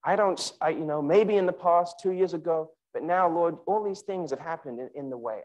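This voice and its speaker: A man giving an emphatic sermon at a student conference, speaking directly to listeners by name and slowing down to repeat key lines. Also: low-quality recording. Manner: animated and emphatic, with wide pitch swings.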